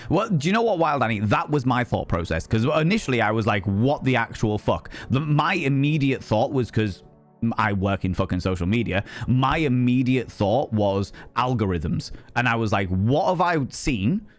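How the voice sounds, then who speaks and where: A man's voice: mid-range voice, expressive, moderate pace, faint music behind. Sweary middle-aged man ranting. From United Kingdom. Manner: heated, sweary, rambling with restarts. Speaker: livestreamer. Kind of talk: casual live-stream rant to chat.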